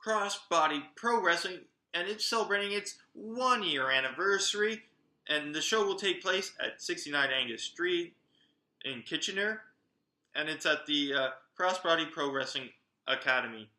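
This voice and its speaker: A man giving a chatty, excitable roundup of upcoming wrestling events and talking straight to his viewers. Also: a little high, moderate pace, roomy sound. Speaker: wrestling vlogger.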